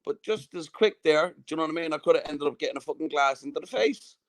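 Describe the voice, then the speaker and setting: A man's voice: on the high side, quick pace, dry recording. A southern Irish man telling a story in casual chat, swearing freely and constantly checking "do you know what I mean". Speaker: podcast host.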